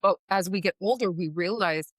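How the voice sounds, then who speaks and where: A woman hosting a podcast, telling a candid story about raising her son in an earnest, animated way, full of likes and you-knows. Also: on the low side, moderate pace, no room sound, clean studio sound. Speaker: podcast host.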